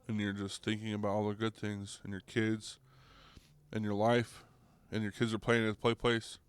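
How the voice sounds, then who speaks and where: A young man hosting a podcast, ranting comedically with lots of swearing and restarts, getting louder and higher when worked up. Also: monotone, moderate pace, clean tone. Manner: rambling, profane, restarts, goes loud and high when riled. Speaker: podcast host. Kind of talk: comedic rant.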